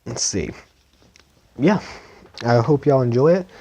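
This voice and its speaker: At home, a Southern US man reads a novel aloud as an informal amateur audiobook, his dry mouth audible as he stumbles and repeats words here and there. He speaks at a measured pace in a medium-pitched, dark voice with lively intonation, with no room sound and the highs cut off.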